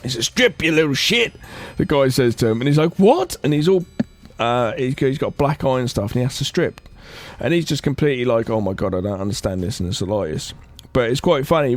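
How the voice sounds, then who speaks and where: A man co-hosting a podcast, casually retelling film scenes in an animated way and putting on the characters' voices. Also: medium pitch, no room sound. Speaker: podcast co-host.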